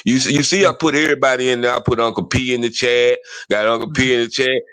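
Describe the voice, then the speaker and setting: A man hosts a relaxed podcast chat, rambling along in loose street slang and stopping for plenty of "uh"s and "you know"s. His voice sits at an average pitch and sounds close and dry, with no room around it. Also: quick pace, clear, resonant tone, no echo. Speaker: podcast host.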